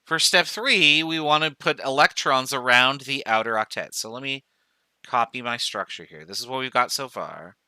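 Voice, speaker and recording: Expressive and at normal speed, a man with a mid-range, very bright, crisp and smooth voice delivers a recorded chemistry lecture. The professor speaks each step aloud, counting items and catching his own errors. The sound is dry and close, lacking any room sound.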